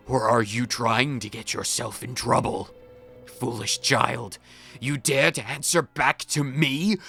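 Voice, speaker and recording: A man voicing a stern, cruel old male ghost headmaster, talking in a slow, strained, menacing growl. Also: medium pitch, pushed and bright, heavily acted.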